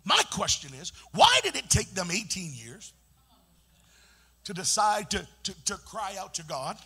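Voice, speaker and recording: A man preaching a sermon in call-and-response style, chanting and building to shouts. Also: sits high, very animated, unhurried, slightly rough.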